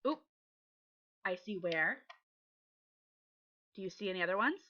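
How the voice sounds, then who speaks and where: A woman's voice: medium pitch, lively intonation, measured pace, sharp tone, muffled recording. A woman teaching young children to read, patient and encouraging as she sounds out letters. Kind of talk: reading lesson for young children.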